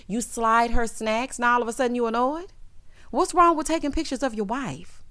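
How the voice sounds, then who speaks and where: A woman's voice: fairly high pitch, clean tone. A young adult woman giving a blunt, sassy recap of a reality show, talking straight to the people on screen. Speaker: recap commentator.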